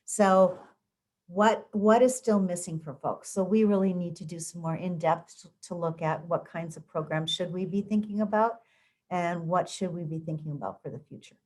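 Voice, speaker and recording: Low-voiced woman explaining school programs. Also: steady tone, normal speed, a little mellow. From United States. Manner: conversational, frequent ums and restarts. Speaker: school district education official. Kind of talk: community interview answers.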